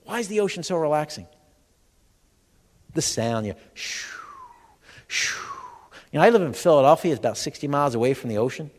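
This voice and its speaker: Lively intonation and a slightly high, darkish voice mark this man's delivery; he talks at a quick pace but leaves long pauses. He's joking his way through a health seminar in a large expo hall, quizzing the crowd stand-up style, and the hall's long reverb carries the sound.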